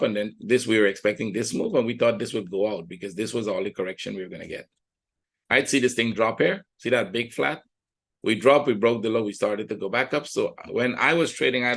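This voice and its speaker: A man's voice: fairly low pitch, vocal fry, a bit bright. A man teaching a trading lesson, walking through charts in a conversational, think-aloud way and often checking in with "right?". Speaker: trading educator. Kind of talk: chart walkthrough.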